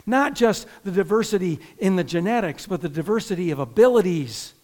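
High-voiced man preaching a sermon. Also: expressive, brisk, a little mellow. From northern Indiana. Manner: conversational preaching, frequent restarts and asides to the congregation. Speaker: pastor.

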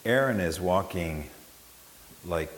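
A man telling an animated, self-mocking story about a grueling trek to an audience. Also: sits low, slow. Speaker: storyteller recalling a trip. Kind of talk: spoken anecdote to an audience. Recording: echoey hall, faint hiss.

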